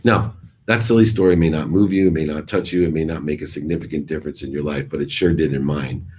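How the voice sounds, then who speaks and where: A man's voice: very deep voice, steady tone, quick pace, darkish tone, breathy edge. A middle-aged man giving an emphatic, preachy motivational talk, repeating his phrases for effect. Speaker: motivational speaker.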